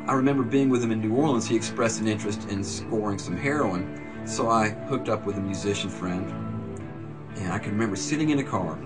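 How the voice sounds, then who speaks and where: A man's voice: on the low side, a little fast, loud music behind the voice. A man recalling wild days in a dry, matter-of-fact and wry way in an interview. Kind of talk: reflective interview recollection.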